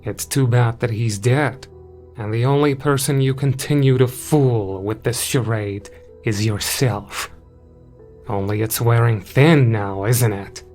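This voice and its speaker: A man voicing a cruel, contemptuous winged male creature in a horror story, taunting in a slow drawl. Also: medium pitch, darkish tone, lightly acted. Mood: menacing. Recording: music in the background.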